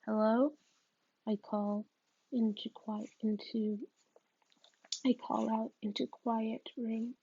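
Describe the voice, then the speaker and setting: A woman's voice: a little high, level tone, slow pace, long pauses, dark tone, slightly rough, no echo, highs cut off. A woman reading a novel aloud, hesitant and often restarting her sentences. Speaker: reader.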